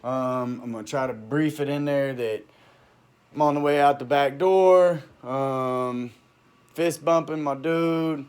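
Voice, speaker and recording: A man speaks unscripted into his phone, recounting events in a heated, halting way. He restarts sentences often and lets thoughts trail off. His pitch stays in an ordinary middle range. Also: a little mellow, clean tone. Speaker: vlogger recounting a personal dispute. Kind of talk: unscripted personal monologue.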